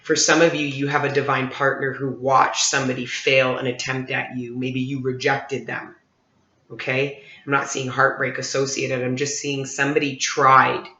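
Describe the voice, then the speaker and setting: A man's voice: medium pitch, monotone, moderate pace, bright, forceful tone. A man in his forties giving a casual tarot reading to viewers, talking conversationally and checking in with them as he goes. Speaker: tarot reader. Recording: roomy, slightly dull recording.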